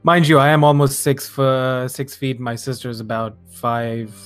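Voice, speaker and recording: A man's voice: mid-range voice, flat delivery, unhurried, fairly bright tone, soft background music. Laid-back male podcast co-host. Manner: laid-back, brief backchannel replies. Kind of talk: casual chat.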